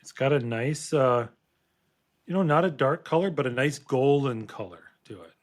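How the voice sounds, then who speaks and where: A man co-hosting a podcast with a beer in hand, easygoing and a little rambling, his voice at an ordinary middle pitch. The sound is dry and close, with no room echo around him. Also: normal speed. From Minnesota. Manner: relaxed, rambling with fillers and restarts. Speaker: podcast co-host. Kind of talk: casual beer-tasting chat. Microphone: podcast microphone.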